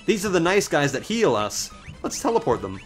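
A man's voice: a little high, big pitch swings, normal speed, faint music behind. A young man casually commentating a game while telling a long rambling story, swearing freely and reacting with sudden exclamations. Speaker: let's play commentator.

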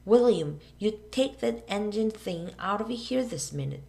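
A woman voicing a stern male minister who calls out in a loud, scolding way in a storybook reading. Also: medium pitch, lively intonation, measured pace, creaky, voice pushed up.

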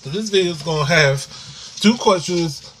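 A man vlogging to his viewers in a casual, halting and apologetic way, calling them "y'all". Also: fairly high pitch, a bit bright, a little hiss or hum. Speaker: YouTuber. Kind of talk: casual talk to camera.

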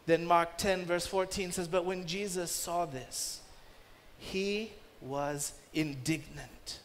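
A man's voice: high voice, slow pace, slight background noise. A man preaching a sermon as pastor, emphatic and rising sharply when he voices commands. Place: church. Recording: long reverb of a church hall.

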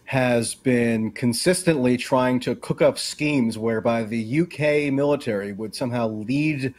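A man appears as a guest journalist in a political interview. His voice is husky and of middle pitch, and he explains at length in an analytical tone, with plenty of "you know" and "uh". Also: measured pace, a little mellow.

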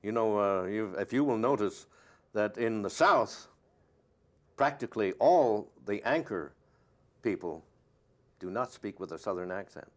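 An older man, an actor being interviewed, talking in a rambling, anecdotal way with lots of pauses and fillers. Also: on the low side, expressive. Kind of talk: casual interview chat.

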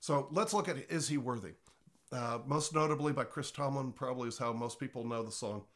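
A man in the middle of the usual pitch range gives an informal teaching, his voice a little congested. He talks conversationally and earnestly, restarting words as he goes. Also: a little fast, fairly bright tone. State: slightly congested voice. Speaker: pastor teaching on worship.

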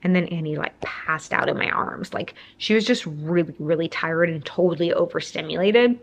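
A woman's voice: low-pitched, normal speed, gravelly. A young woman telling a casual storytime to camera, rambling with lots of fillers. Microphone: camera framing, talking to camera.

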